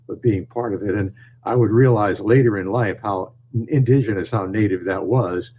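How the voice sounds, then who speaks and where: An older man from northern New York, a storyteller answering interview questions in a calm, measured way. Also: fairly low pitch, narrow, tinny audio, slight background noise. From northern New York, USA. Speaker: storyteller and author, guest. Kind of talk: podcast interview.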